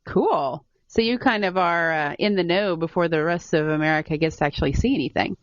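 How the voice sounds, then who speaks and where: A woman hosting a podcast interview, asking questions in an easygoing, measured way. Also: fairly low pitch, no echo. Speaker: podcast host. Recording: dry, dull lo-fi podcast audio.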